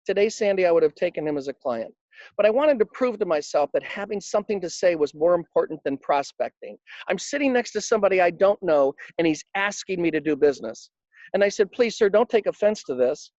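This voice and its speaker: A man's voice: high-pitched, lively intonation, brisk, a little mellow, dry recording, highs cut off. A man being interviewed about his work coaching financial advisors, telling anecdotes with emphasis and acting out the quotes. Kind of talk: conversational interview storytelling.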